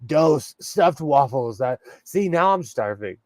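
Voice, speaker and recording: Man, live stream host, casual chat, laughs a lot, slightly high voice, dry close sound. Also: lively intonation, slow, darkish tone, dry recording. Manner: chatty, laughs often. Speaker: livestream host reading chat. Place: home in California.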